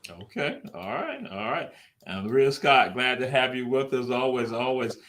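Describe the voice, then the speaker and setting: A man's voice: mid-range voice, big pitch swings, normal speed, fairly bright tone, slight background noise. A male host runs a casual live talk show. He is folksy and repeats his questions in a call-and-response rhythm.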